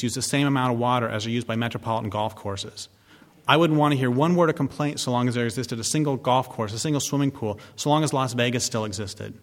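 A man giving an impassioned public talk, blunt and sardonic, swearing freely and slowing down to stress key words. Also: mid-range voice. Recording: long reverb of a large hall.

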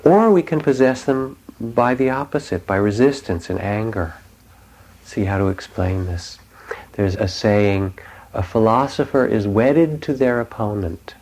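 A man teaching meditation, giving a reflective dharma talk in a gentle storytelling manner with soft pauses. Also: fairly low pitch, poor audio.

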